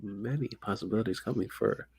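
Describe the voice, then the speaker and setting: A man hosting a podcast in casual chat, excitable and profane, rambling with frequent restarts. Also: fairly low pitch, brisk, creaky, husky. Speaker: podcast host.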